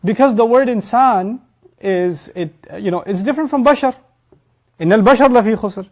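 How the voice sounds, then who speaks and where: A man giving a lecture-style sermon. He recites Arabic phrases and explains them in English, swinging from loud emphasis to quiet asides. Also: high voice, normal speed. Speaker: preacher teaching Quran.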